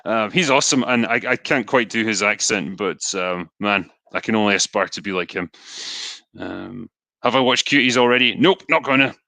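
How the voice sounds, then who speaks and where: Scottish male streamer, bright dry close-mic voice, laid-back chat full of ums. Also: fairly low pitch, normal speed, creaky, no echo. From Scotland. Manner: relaxed, chatty, frequent ums and asides. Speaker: livestream host reading donations. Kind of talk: casual live stream chat.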